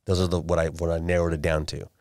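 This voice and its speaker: A man's voice: low-pitched, level tone, quick pace, darkish tone, no echo, studio quality. A middle-aged man in his forties, a podcast guest, telling a family story in casual chat, restarting and repeating words as he goes.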